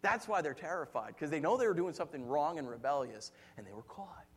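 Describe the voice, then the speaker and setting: A man preaching a sermon, telling stories with lively acted-out quotes and frequent laughter. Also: on the high side, fast, slightly rough. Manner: animated storytelling, acts out quotes, laughs often. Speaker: pastor.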